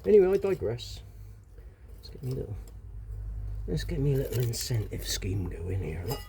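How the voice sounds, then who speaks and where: Cooking over a fire outdoors, a West Country vlogger talks to camera in a loose, rambling way, dropping wry asides and muttered self-remarks. He speaks at medium pitch with a sing-song lilt and moderate pace, and background noise is audible.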